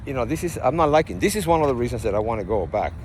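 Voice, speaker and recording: A man from Puerto Rico with a Puerto Rican accent, vlogging to his phone in a parking lot in a rambling, animated way, full of asides. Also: mid-range voice, very fast. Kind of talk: casual vlog talk. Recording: faint outdoor traffic noise.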